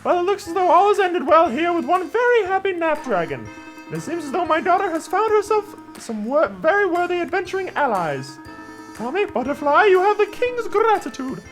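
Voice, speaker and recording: A man's voice: extremely high pitch, big pitch swings, normal speed, fairly bright tone, soft background music, pitched above the performer's own voice, exaggerated voice. A man voicing a pompous elderly king in a video game, in a raised theatrical voice. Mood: regal.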